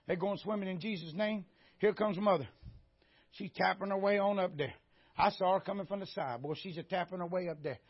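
A high, husky male voice with a drawl, preaching with fire and climbing to shouts at the high points. The recording is dull and lo-fi, like old church sermon audio. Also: a little fast. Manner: animated preaching, shouting at peaks.

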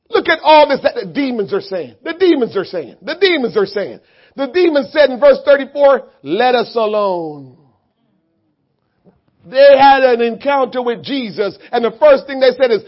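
A male pastor preaching a fiery sermon, shouting fervently, with many filler sounds between phrases. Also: extremely high pitch, expressive, normal speed. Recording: muffled lo-fi recording.

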